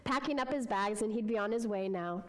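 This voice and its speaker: A woman's voice: medium pitch, brisk, rough recording. A woman speaker telling a parable in a sermon at a spiritual center, earnest and heartfelt. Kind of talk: sermon storytelling.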